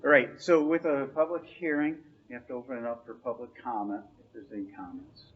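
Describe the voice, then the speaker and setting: A man's voice: mid-range voice, fairly even intonation, brisk, husky. A man with a mid-range voice briefs a board on finances, explaining the figures plainly and without fuss. The recording has a dull, muffled tone. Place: board meeting room. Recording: dull meeting-room recording.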